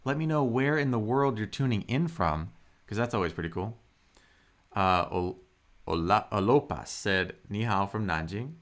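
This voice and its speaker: A man teaching Mandarin in a live online lesson. He draws out model words slowly and chats with viewers. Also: expressive. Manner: slow, drawn-out model pronunciations with swooping pitch; friendly, chatty asides to viewers.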